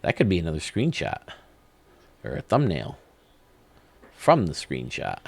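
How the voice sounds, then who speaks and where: A man's voice: a bass voice, huge pitch swings, unhurried, gravelly, background noise. A man hosting a video game channel, giving casual, enthusiastic commentary that rambles as he thinks aloud.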